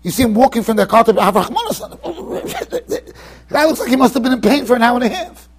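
A man with a Yeshivish American accent giving a lively Torah lecture in a yeshiva study hall, acting out his examples with sudden shouts. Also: very high-pitched, normal speed, husky. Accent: American Orthodox Jewish, Yeshivish. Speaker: rabbi giving a Torah class.

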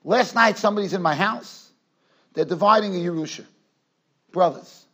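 Male rabbi, lecture style, animated delivery with repeated phrases; high, slightly husky voice. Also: moderate pace. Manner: animated, repeats words for emphasis. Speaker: rabbi giving a Torah class. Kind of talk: Torah lecture with storytelling. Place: yeshiva study hall.

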